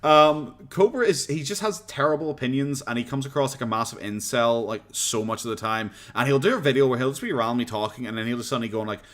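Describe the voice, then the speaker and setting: A man's voice: medium pitch, fast talker, few pauses, a bit bright. An Irish man chatting casually as a streamer reacting to videos, rambling, swearing and laughing often. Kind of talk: casual chat.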